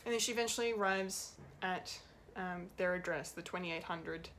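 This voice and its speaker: A woman's voice: fairly low pitch, moderate pace, fairly bright tone, slight background noise. A woman giving an unscripted, rambling and emotional review of a TV episode, laughing often and swearing now and then. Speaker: pop culture reviewer.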